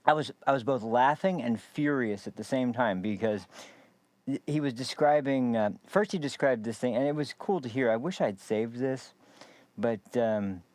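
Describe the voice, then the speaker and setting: A man's voice: medium pitch, normal speed, a little mellow, no echo. A man hosting a political commentary show, rambling and sarcastic with many fillers and restarts. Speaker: podcast host.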